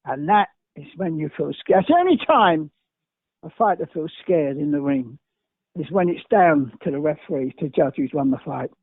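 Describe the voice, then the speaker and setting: A man's voice: on the high side, expressive, normal speed, slightly rough, no room sound. An older man from England, a guest telling emphatic, repetitive, rambling stories. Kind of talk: anecdotal interview storytelling. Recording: dry, tinny phone-like sound.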